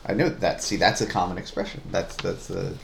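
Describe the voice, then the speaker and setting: A middle-aged man co-hosting a casual family podcast, explaining things in a relaxed way with plenty of fillers, on a sensitive microphone. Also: deep voice, a little fast, gravelly, slight background noise. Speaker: podcast co-host, parent. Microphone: sensitive studio microphone.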